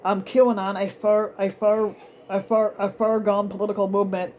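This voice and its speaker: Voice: mid-range voice, little pitch movement, normal speed, muffled recording, a little hiss or hum. A political commentator casually reading news aloud, stumbling over words with many ums and restarts, breaking off for profane asides.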